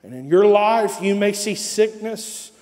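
A male pastor preaching a sermon with dramatic pauses and repeated phrases. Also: high-pitched, animated, a little mellow, in a large hall.

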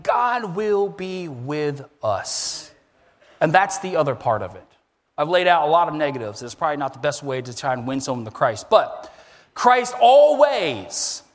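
Pastor, male, slightly high voice, preaching with big emphatic swings, church hall echo. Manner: animated preaching with emphatic rises. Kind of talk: sermon.

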